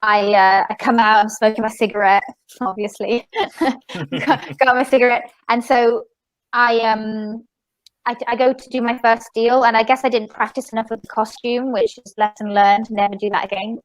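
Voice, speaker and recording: A woman magician and podcast guest, telling a story in a rambling, animated way with many fillers and restarts. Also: on the high side, moderate pace, no room sound, poor audio. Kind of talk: casual storytelling interview.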